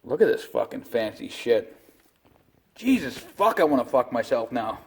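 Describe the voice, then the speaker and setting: A man's voice: medium pitch, fairly quick, husky. A man, giving a crude, swear-filled mock-serious how-to as a comedy vlog host in a shop. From Canada. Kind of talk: profane deadpan comedy monologue. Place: shop or garage.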